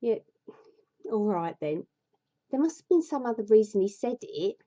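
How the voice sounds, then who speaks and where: Woman moaning her way through a fairy tale, sweary, mellow voice, muffled lo-fi sound. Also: mid-range voice, sing-song, moderate pace. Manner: exasperated, grumbling, sweary. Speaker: storyteller. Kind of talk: comic fairy tale reading with rambling asides.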